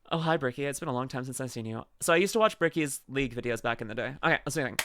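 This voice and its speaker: A woman's voice: a bass voice, racing, few pauses, a bit bright, no echo. A young adult woman streamer chatting casually and playfully, often laughing as she reads chat aloud. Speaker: VTuber streamer.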